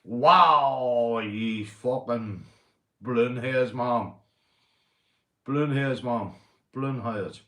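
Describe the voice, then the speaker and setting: A man's voice: medium pitch, fairly even intonation, slow pace, pauses often, reverberant. A Northern Irish man hosting a livestream, ranting bluntly and swearing often in casual talk to his chat. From Northern Ireland. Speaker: livestream host.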